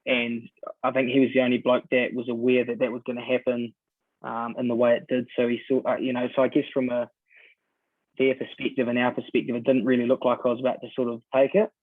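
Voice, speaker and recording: A New Zealand man in his twenties, a podcast guest telling stories in a relaxed way, full of ums and sort-ofs. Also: medium pitch, fast, no room sound. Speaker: guest rugby player. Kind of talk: casual podcast chat. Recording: dry, tinny phone-like sound.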